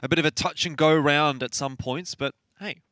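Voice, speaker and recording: A man's voice: a little high, normal speed, fairly bright tone, no echo. A man casting an esports match in an easygoing, conversational way. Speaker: esports caster. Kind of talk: esports commentary.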